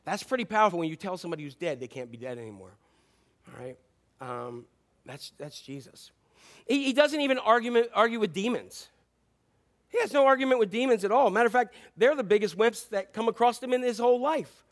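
A pastor's voice sits high and moves briskly as he delivers a joking, chatty sermon. Scripture quotes get acted out in playful voices, and he quizzes the people in the pews.

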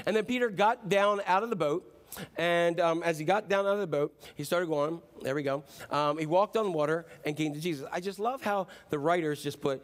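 A man's voice: a little high, moderate pace. A man preaching a sermon in a casual, playful way, acting out the story. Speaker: pastor.

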